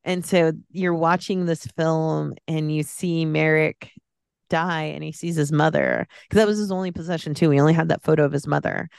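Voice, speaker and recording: A woman's voice: deep voice, steady tone, moderate pace, gravelly, darkish tone, clear, resonant tone, dry recording, studio quality. A woman guest on a podcast, chatting casually and with feeling about a film, rambling and restarting her sentences. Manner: rambling, heartfelt, many restarts.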